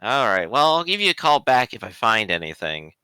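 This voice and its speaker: A busy middle-aged city campaigner who talks in hesitant, filler-laden rambles, played by a man. His voice is bright and swings through a lively pitch range. The sound is dry and close. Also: fairly quick, clean tone, no room sound.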